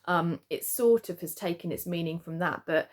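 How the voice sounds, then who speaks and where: A woman's voice: fairly low pitch, moderate pace. A woman teacher giving a spelling lesson to children at home, chatty and explaining patiently with frequent "okay?" check-ins. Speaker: primary school teacher.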